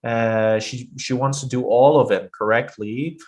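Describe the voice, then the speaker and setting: A man's voice: medium pitch, fairly even intonation, a little slow, a little mellow. Hesitant man teaching pronunciation. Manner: explanatory, with frequent hesitations. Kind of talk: online lesson.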